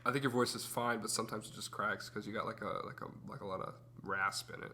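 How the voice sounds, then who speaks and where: A man's voice: fairly low pitch, fairly even intonation, pushed and bright. A young man co-hosting a casual podcast, easygoing and teasing as he recalls old episodes. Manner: easygoing, teasing, quick storytelling. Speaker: podcast co-host. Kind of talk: casual chat.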